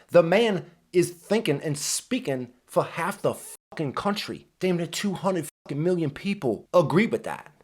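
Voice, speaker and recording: A man ranting heatedly in a profane reaction commentary, stressing words with lots of cursing. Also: fairly high pitch. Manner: heated, emphatic, heavy swearing.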